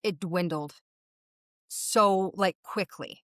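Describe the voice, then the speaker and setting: A woman's voice: on the low side, a bit bright, no room sound, clean studio sound. A woman who works as a medium, a guest in an interview, vividly recounting a personal experience. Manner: vivid storytelling, speeding up and slowing down with the story.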